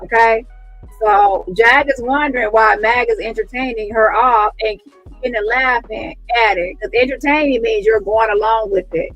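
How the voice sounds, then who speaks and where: A woman giving casual online commentary in a sarcastic, mocking and animated way. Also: fairly high pitch, normal speed, soft background music, low-quality recording.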